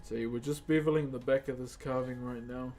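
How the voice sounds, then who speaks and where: A man's voice: mid-range voice, steady tone, a little fast, a little mellow. A man with a New Zealand accent chatting casually with viewers on a live stream while he works, friendly and laid-back, calling people bro. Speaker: live-streaming wood carver. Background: music.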